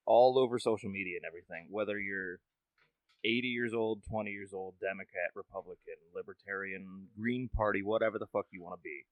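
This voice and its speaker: A man's voice: lowish voice, brisk, no echo, low-quality recording. A man co-hosting a casual podcast over a video call, talking in a wry, easygoing way with some swearing. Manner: laid-back, wry and swearing. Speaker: podcast co-host.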